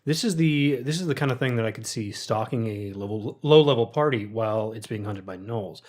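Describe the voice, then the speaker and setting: A man's voice: on the low side, a little fast, darkish tone. A man co-hosting a podcast, adding dry jokes and ideas in casual tabletop game chat. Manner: dry, joking. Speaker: podcast co-host.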